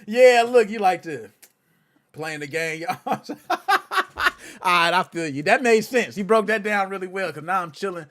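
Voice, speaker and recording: A man's voice: high-pitched, big pitch swings, unhurried, a bit bright. A man hosting a casual gaming podcast, joking around in loose, slangy banter. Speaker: podcast host.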